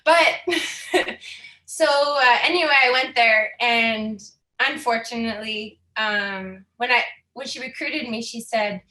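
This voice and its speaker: A woman's voice: on the high side, bright, forceful tone, reverberant. A woman in her thirties from Saskatchewan, giving a candid, chatty personal talk as a guest speaker, laughing often and moved at times. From Saskatchewan, Canada.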